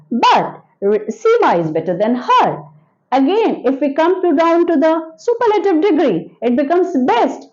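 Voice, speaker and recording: High, lively woman teaching grammar. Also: dull audio. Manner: addresses children, repeats words slowly and sounds them out. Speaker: English teacher. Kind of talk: classroom grammar lesson.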